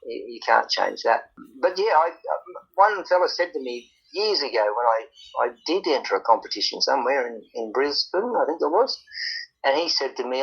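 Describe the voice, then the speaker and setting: A man's voice: mid-range voice, expressive, normal speed, gravelly, fairly bright tone, slightly rough. An Australian man, a country singer, chatting casually on a podcast, laughing often and repeating words. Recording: dull lo-fi sound.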